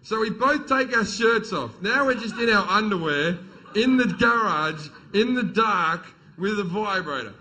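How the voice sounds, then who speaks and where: Bright, high-voiced comedian. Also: male voice, measured pace, a little hiss or hum. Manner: crude, swearing, animated storyteller. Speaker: stand-up comedian. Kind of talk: stand-up storytelling. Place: comedy stage.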